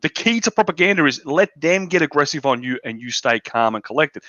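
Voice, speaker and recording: A man's voice: mid-range voice, fairly quick, few pauses, bright, forceful tone, no room sound. An Australian man hosting a casual political chat, blunt and profane, ranting in a dull lo-fi recording. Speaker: podcast host.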